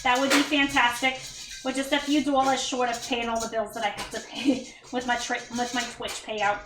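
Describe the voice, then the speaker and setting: A woman's voice: fairly high pitch, level tone, normal speed, distant mic, background noise. A woman livestreaming while she cooks at home, chatting casually with viewers, thanking them by name and making self-deprecating asides. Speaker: livestreamer and mother. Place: home kitchen. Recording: echoey room, voice a bit off-mic.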